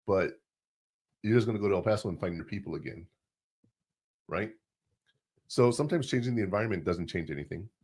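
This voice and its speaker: A middle-aged man with a husky, slightly low voice hosts a laid-back podcast. He talks in loose, rambling stories and slips into the voices of the people he quotes. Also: animated, fairly quick, long pauses, darkish tone. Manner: tells rambling personal anecdotes, acts out quotes. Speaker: podcast host. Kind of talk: casual advice podcast chat.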